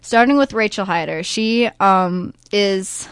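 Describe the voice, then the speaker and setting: A woman's voice: medium pitch, slow pace, smooth, no room sound. A young woman actor talking eagerly in an interview about voicing her roles. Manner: eager, chatty, many fillers. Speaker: young stage actor, guest. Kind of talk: interview chat.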